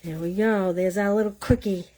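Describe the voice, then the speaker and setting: A woman's voice: mid-range voice, fairly even intonation, moderate pace, mellow. Chatty woman with a Boston accent. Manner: chatty, self-teasing, explains while working. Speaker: stamping class host. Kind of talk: live craft demonstration.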